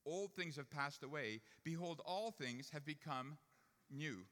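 A man's voice: on the high side, measured pace, fairly bright tone. Man preaching in a reverberant hall. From Jewish family upbringing. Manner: storytelling, rising to emphatic preaching. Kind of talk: sermon.

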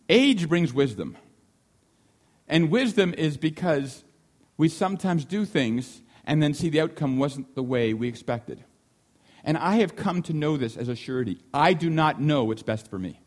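A man delivering a sermon with a voice pitched a little above the usual male range. He preaches in an animated way, repeating key lines for emphasis and briefly acting out the voices of people in the story. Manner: animated, acts out the disciples' shouting.

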